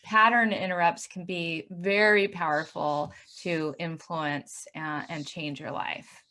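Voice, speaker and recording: Female podcast host, slightly low pitch with a bright, forceful tone, casual asides. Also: steady tone, takes it slowly, low-quality recording. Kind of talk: casual interview chat.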